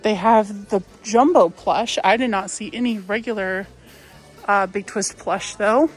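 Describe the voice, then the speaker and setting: A woman vlogging casually while she walks through a craft store on her phone, chatty and a little wistful, with soft laughs now and then. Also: mid-range voice, a little slow, faint music behind. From United States. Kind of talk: casual shopping vlog chat. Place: inside a large craft store. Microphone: phone held while walking.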